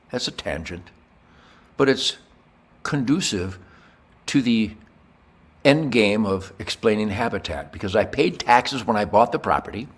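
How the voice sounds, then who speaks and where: An older man hosting a podcast, ranting in a rambling monologue with crude jokes, swinging from low mutters to loud shouts. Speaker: podcast host.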